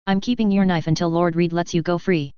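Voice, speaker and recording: A woman's voice: lowish voice, fairly even intonation, a little fast, clean tone, no room sound, lightly acted. A woman voicing a wary, stern warrior woman, asking blunt and suspicious questions in a fantasy story reading. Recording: slightly dull lo-fi dry.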